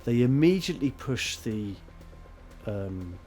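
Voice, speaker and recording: A man running a tabletop role-playing game as game master, narrating scenes in a rambling, animated, self-mocking way. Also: mid-range voice, slow, soft background music.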